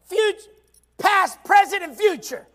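Very high-voiced shouting male preacher. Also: animated, normal speed. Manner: shouting preaching with call-and-response. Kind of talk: sermon.

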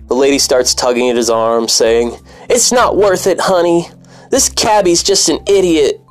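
Brief: low-pitched male storyteller, wry and profane, faint music underneath. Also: darkish tone. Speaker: former cab driver. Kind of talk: personal story narration.

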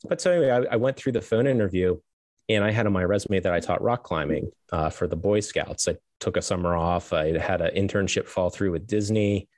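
Deep-voiced man telling career stories. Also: brisk, darkish tone, no echo. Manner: rambling, self-correcting, laughs as he tells stories. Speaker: guest. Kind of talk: storytelling in a podcast interview.

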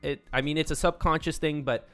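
A man co-hosting a casual podcast, explaining sales and negotiation ideas with lively inflection. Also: fairly high pitch, a little fast, soft background music. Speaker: podcast co-host.

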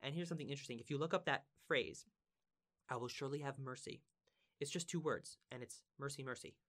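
A man's voice: medium pitch, fast talker, fairly bright tone. A man teaching from the Bible in a casual, conversational way. He is earnest and emphatic, repeats words for stress and asks his listeners questions.

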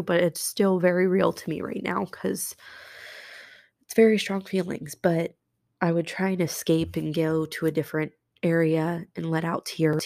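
A woman who works as a nurse, hosting her own podcast and talking through a hard week, halting and close to tears, with many restarts. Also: on the low side, creaky, a little mellow, no room sound. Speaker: podcast host. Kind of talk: personal confessional podcast monologue.

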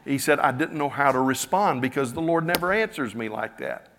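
A man's voice: medium pitch, lively intonation, brisk, fairly bright tone, slight background noise. A man preaching a sermon, retelling a story through many quoted lines, with frequent repeats of "he said". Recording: long hall reverb.

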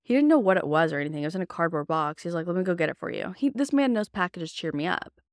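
A woman's voice: lowish voice, expressive, quick pace, no echo, studio quality. A young woman hosting a podcast, telling a personal story in a candid, chatty way full of casual fillers. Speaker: podcast host.

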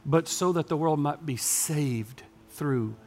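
A man preaching a sermon as pastor, dropping to hushed lines and then building up loud as he tells a story. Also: a little high, slow, faint music behind.

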